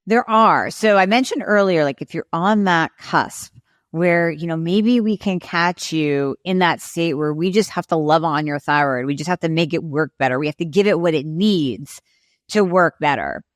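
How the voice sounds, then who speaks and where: Low-voiced woman explaining thyroid science. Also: moderate pace, dry recording, studio quality. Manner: explanatory, acts out patient and doctor dialogue. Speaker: guest thyroid expert. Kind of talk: podcast interview.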